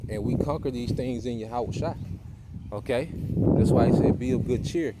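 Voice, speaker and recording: A man's voice: mid-range voice, normal speed. A man giving an informal sermon to a group of brothers, tagging his points with "man" and "okay?". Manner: casual preaching, tags lines with "man" and "okay". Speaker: teacher of a Bible study group. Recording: loud background noise.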